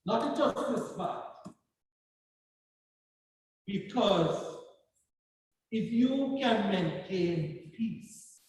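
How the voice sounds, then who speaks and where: In a very echoey hall, a distant speaker with a Jamaican accent gives a ceremonial address as guest speaker at a justice of the peace commissioning, telling stories earnestly and repeating words for emphasis. The medium-pitched, slightly mellow voice is animated yet extremely slow, with long pauses and a little hiss or hum.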